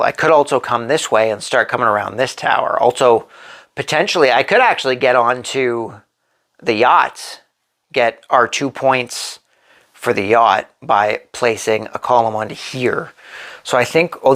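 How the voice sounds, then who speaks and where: A man's voice: medium pitch, gravelly, a bit bright. A man hosting a board game channel, talking himself through a solo playthrough as he places pieces. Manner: slow, thinking aloud while placing pieces.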